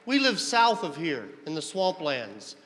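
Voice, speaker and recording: A man's voice: on the high side, sing-song, unhurried, a bit bright. A man from Florida giving an educational talk to children, friendly and teasing, asking them questions. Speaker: visiting cultural presenter. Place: large indoor hall. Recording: long hall reverb.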